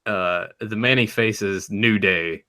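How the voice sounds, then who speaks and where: Bright-voiced teasing podcast co-host. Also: male voice, on the low side, slow pace, clear, resonant tone, no echo, studio quality. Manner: blunt and teasing, swears. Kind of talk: casual podcast chat.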